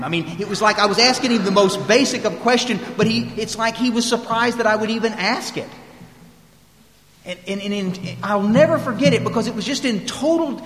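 A man's voice: high-pitched, moderate pace, fairly bright tone. A man telling a personal recovery story to a group, drawling and restarting his sentences often. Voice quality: drawling, lots of restarts and repeated words. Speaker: recovery speaker. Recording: echoey hall with long reverb.

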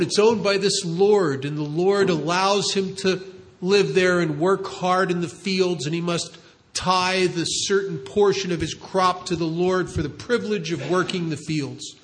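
A man speaking at a recovery meeting, telling a story in an earnest, animated way. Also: high-pitched. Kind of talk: storytelling talk.

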